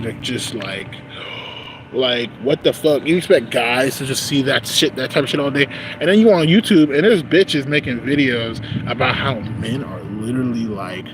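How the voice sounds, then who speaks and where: A man in a casual unscripted vlog monologue who rambles and swears heavily, often asking "you know what I'm saying?", while walking outdoors. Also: medium pitch. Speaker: vlogger. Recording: street and traffic noise.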